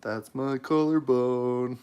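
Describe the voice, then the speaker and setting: A man of medium pitch talks slowly and evenly, his voice smooth and slightly mellow. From his knife-making shop he livestreams, answering viewer comments with easy banter and jokes.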